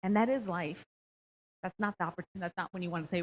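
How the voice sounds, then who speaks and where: In this instructional presentation, a middle-aged woman runs a parenting workshop, explaining things one step at a time and often pausing for an "okay?". She talks fast in a fairly low voice, and the recording is rough.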